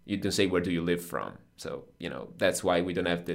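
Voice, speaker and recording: A man's voice: low-pitched, fairly quick, gravelly. A man with an Italian accent, a native Italian speaker, patiently explaining Italian grammar as the teacher of a conversational lesson.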